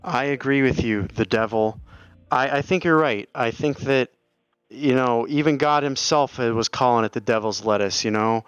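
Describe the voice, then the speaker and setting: A man co-hosting an improvised comedy stream, stammering and excitable. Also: mid-range voice, moderate pace, clean tone, no room sound, dull audio, faint music behind.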